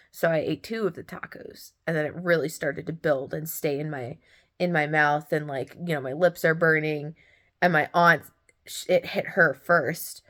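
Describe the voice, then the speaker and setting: A woman's voice: fairly low pitch, fairly bright tone. Young woman gushing through a funny story, laughs a lot, easygoing chat. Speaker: podcast host. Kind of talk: casual gratitude storytelling.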